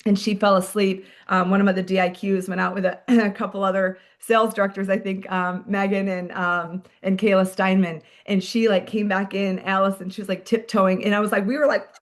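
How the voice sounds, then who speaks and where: A woman at a middle pitch rallying her team with a fast, chatty pep talk. She keeps her energy up and talks in a loose, conversational way, throwing in plenty of "like" and "friends". It sounds like a director speaking straight to her people in a meeting. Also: flat delivery.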